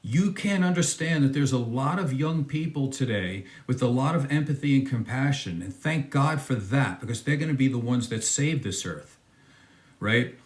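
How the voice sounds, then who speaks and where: A man reacting to a video, his pitch swinging widely as he scoffs and presses his points. His voice carries an echo from the room. The delivery is emphatic and incredulous. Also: expressive, normal speed. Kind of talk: casual commentary reacting to a video.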